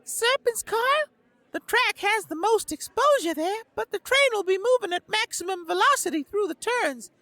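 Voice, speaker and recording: A man's voice: very high-pitched, lively intonation, normal speed, bright, forceful tone, no echo, pitched above the performer's own voice, heavily acted. A man playing a blunt female alien mechanic. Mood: doubtful.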